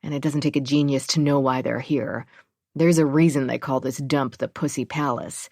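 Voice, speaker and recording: A woman's voice: a bass voice, steady tone, moderate pace, warm tone, no room sound, clean studio sound. A woman voicing a blunt, insistent mother searching for her missing daughter.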